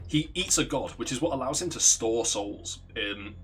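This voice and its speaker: A man's voice: medium pitch, expressive, moderate pace, slight background noise. A man, a let's play streamer, casually telling a rambling, profane story while gaming and laughing at his own jokes.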